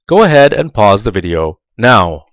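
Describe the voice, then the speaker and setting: A man reading a scripted tutorial voice-over for job applicants, slow, deliberate and clearly enunciated. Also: on the low side, big pitch swings, dry recording, poor audio.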